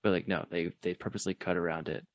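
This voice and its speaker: A man's voice: low-pitched, flat delivery, fast talker, dry recording, highs cut off. A man co-hosting a podcast in easygoing casual chat, explaining things he looked up. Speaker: podcast co-host.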